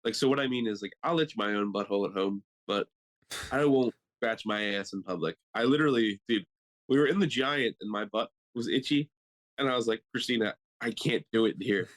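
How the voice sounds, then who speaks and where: A man tells stories on a podcast in a loose, animated way. His voice sits at a middle pitch, and he laughs easily as he goes. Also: a little fast, low-quality recording. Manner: animated, acts out quotes in high squeaky voices; laughs often mid-story. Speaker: podcast co-host. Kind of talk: casual comedic storytelling.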